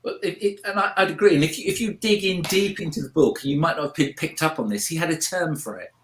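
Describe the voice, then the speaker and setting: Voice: mid-range voice, fast, fairly bright tone, slight background noise. A co-host with a South London accent explaining ideas from a book in casual chat, hesitant and full of restarts. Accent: British, South London. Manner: hesitant, many fillers and restarts while explaining. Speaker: podcast co-host. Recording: echoey room.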